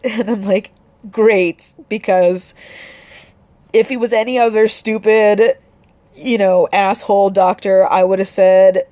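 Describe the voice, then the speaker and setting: Grieving young woman, soft dark voice. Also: mid-range voice, steady tone, dry recording. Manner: halting and tearful, many restarts and fillers. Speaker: vlogger. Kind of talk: personal grief vlog.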